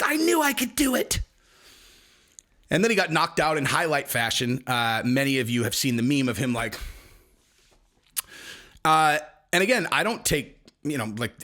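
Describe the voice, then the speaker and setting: A man's voice: on the high side, sharp tone. A man hosting a casual commentary rant, sarcastic and rambling, slipping into mocking quoted voices. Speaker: commentary video host.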